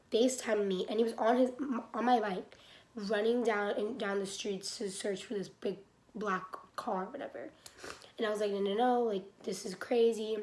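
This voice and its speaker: A woman's voice: mid-range voice, a little mellow. A young woman recounts a frightening night in a loose, rambling storytime voice, filling nearly every phrase with "like." Her nose sounds stuffy, and her voice rings in a noticeably echoey room. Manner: rambling, heavy use of "like". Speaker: vlogger. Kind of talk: casual storytime.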